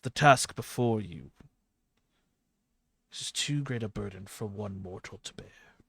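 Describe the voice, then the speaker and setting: A man voicing a grave, ancient scarab god with a low, gravelly voice. His slow, formal words sound heavy. The sound is dry and close. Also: a bit bright, no room sound, heavily acted. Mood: solemn. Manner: solemn, formal pronouncements.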